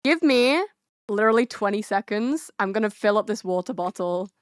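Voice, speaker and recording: A woman's voice: mid-range voice, expressive, normal speed, smooth, dry recording, clean studio sound. A young woman VTuber streamer chatting casually and bubbly with her viewers, giggling often. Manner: bubbly, giggly, talks straight to chat. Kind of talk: casual live-stream chat.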